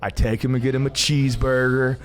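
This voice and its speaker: A man's voice: medium pitch, little pitch movement, fairly quick. A man co-hosting a podcast, telling a rambling, profane story with frequent laughs. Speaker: podcast co-host. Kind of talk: casual chat, storytelling. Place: gym coffee bar.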